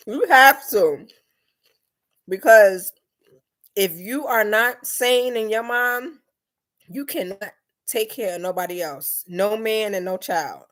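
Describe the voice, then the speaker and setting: A young woman chatting casually on a live stream, reading comments and acting out her mother's lines in a lively, talkative way. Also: fairly high pitch. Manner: lively, chatty, quick mood swings, acts out her mom's lines. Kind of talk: casual chat.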